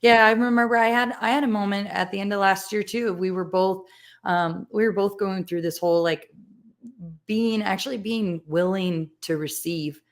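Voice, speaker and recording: A woman hosting a casual podcast chat, a mother sharing reflective, emotional stories that turn animated in bursts. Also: medium pitch, moderate pace. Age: adult with children. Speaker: podcast host.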